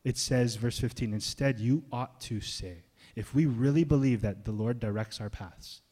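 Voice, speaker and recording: A male pastor preaching a sermon in a casual, conversational way, swinging between loud emphasis and soft, hushed asides. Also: medium pitch, normal speed, breathy edge. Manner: casual, conversational phrasing with slang.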